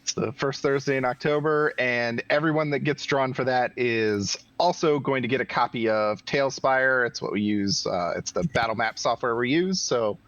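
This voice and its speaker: A man's voice: medium pitch, moderate pace, hardly any pauses, fairly bright tone, no echo. A man co-hosting a group stream, giving announcements in an easygoing, plain way. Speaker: stream co-host making announcements. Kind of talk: casual group chat on stream. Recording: dry, dull lo-fi mic.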